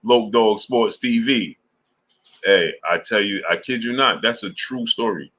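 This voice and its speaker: Deep, forceful male streamer, slangy and animated, super chat shoutouts. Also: unhurried. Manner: animated storytelling full of slang, laughs often. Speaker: sports channel host.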